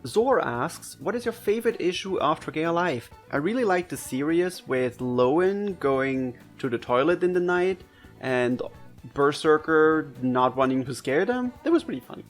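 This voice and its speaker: A man from Germany with a German accent, casually answering viewer questions for his gaming channel, chatty and quick to laugh, his pitch jumping up when excited. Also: soft background music. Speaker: gaming video creator.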